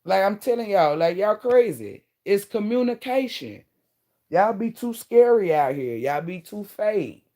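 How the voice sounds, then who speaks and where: A woman in her thirties talks directly to her viewers in a casual advice monologue. Her delivery is blunt and animated, full of slang and casual swearing. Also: medium pitch, a little slow. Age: 30s. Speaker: vlogger giving relationship advice.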